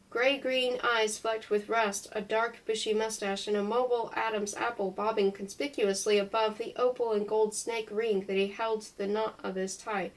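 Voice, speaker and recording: On a rough recording, a woman with a somewhat high voice reads a memoir aloud, unhurried, careful and measured. Now and then she stumbles over unfamiliar foreign names.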